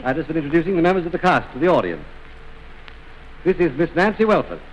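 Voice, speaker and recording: A man's voice: fairly high pitch, sing-song, quick pace, dull audio, a little hiss or hum. A man presenting a film trailer in a formal, courteous, theatrical 1920s manner.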